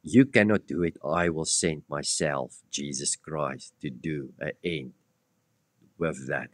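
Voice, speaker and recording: A man's voice: very deep voice, slow pace. A man preaching an expository sermon, blunt and emphatic, who addresses his listeners directly and presses them with rhetorical questions. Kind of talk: expository Bible-teaching sermon.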